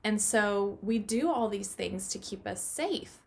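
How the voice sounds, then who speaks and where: A woman teaching a children's Bible lesson from her home playroom, talking gently to the kids and asking them questions. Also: medium pitch, animated, slow, gravelly.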